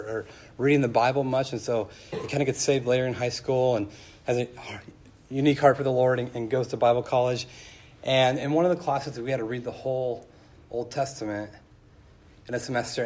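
A young male pastor delivering a sermon at an ordinary middle pitch. He moves between quiet, weighty statements and animated storytelling, his voice climbing high when he acts out surprised listeners.

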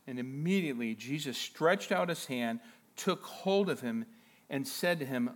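A man preaching a sermon as pastor, retelling a story with animated excitement and frequent chuckles. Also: fairly high pitch, moderate pace. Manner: chuckles often.

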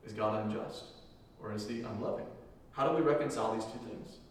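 A male pastor preaching a sermon with emphasis, repeating key lines and swinging between loud declarations and hushed moments. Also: lowish voice, a little fast, slight background noise. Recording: echoey hall from far off.

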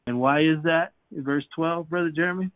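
A man's voice: on the high side, brisk, no echo. Man, Bible study leader, fervent preaching, repeats himself, dry tinny phone-line sound.

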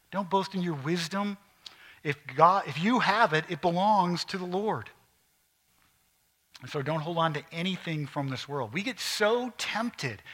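A middle-aged pastor with a high voice preaches a sermon, sometimes emphatic and sometimes sinking into quiet, intense asides.

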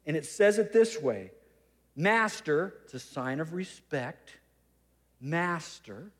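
A man's voice: fairly high pitch, lively intonation, moderate pace, darkish tone, in a large hall. A man preaching a sermon as pastor, conversational and humorous, with teasing asides.

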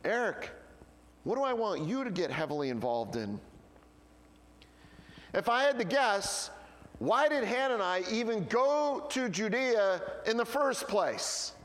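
An animated male pastor delivers a sermon, firing off rhetorical questions before dropping to quiet asides. His voice sits high and swings widely in pitch. A long reverb trails each phrase, as in a church sanctuary. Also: unhurried.

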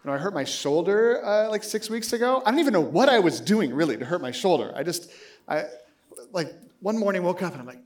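A pastor in his late thirties preaches a sermon in a high, bouncy voice that swings widely in pitch, at a fairly quick pace. He tells stories animatedly, acting out both sides of the conversation and laughing often as he talks.

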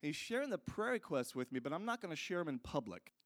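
A man's voice: a little high, sing-song, quick pace. Earnest conversational male preacher. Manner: earnest, conversational, addresses the audience directly. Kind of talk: sermon with storytelling.

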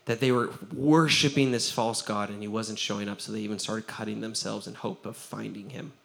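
A man, a pastor giving a lively sermon, acting out the quotes he tells and laughing often. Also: on the low side, fairly quick, creaky.

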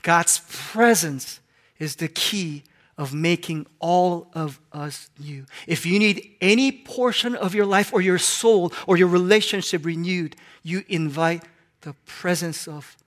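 A man in his forties from Hong Kong preaching a sermon, moving between loud, emphatic declarations and soft, hushed lines. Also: high-pitched, takes it slowly. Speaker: pastor.

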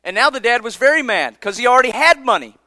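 A man's voice: very high voice, animated, fast talker, pushed and bright, no echo. Man, sermon, emphatic, dry close sound. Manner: earnest, emphatic preaching with dramatic drops in volume. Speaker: preacher.

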